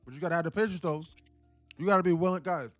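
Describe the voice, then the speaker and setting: A man's voice: sits high, very fast, a bit bright, no echo, faint music behind. A man with a New York accent hosting a day-trading livestream, talking casually in loose, profane street slang and repeating phrases in chant-like runs. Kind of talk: casual live-stream commentary.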